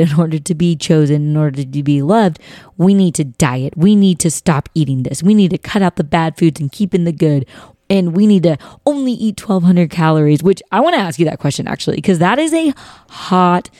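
A woman's voice: sits low, moderate pace, dark tone, dry recording, clean studio sound. A woman hosting a faith-based podcast, chatting casually and animatedly. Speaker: podcast host.

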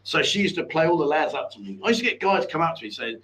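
Chatty man, fairly high voice. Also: very animated, fast, a bit bright, poor audio. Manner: chatty, laughing storyteller with cheeky banter. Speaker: host. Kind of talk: casual live chat show.

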